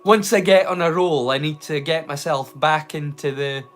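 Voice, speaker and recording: Playful high-voiced Scottish man rambling. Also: normal speed, fairly bright tone, soft background music. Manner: playful and rambling, slipping into silly rhymes and jokes. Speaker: host of a live watch-along stream. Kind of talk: casual livestream chat.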